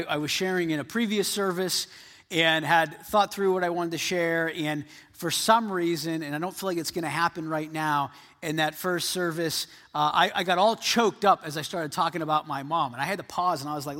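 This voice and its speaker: A man's voice: a little high, a bit bright, long reverb tail. A man preaching a sermon to a congregation in a conversational way, often repeating his words as he goes. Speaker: pastor.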